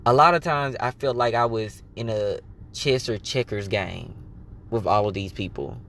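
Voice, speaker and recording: A man's voice: lowish voice, moderate pace, gravelly, a little hiss or hum. A man hosting his own podcast, talking candidly and casually about his life, swearing freely and acting out what he told himself. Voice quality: candid, swears freely, animated self-quoting. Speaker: podcast host. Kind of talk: casual personal monologue.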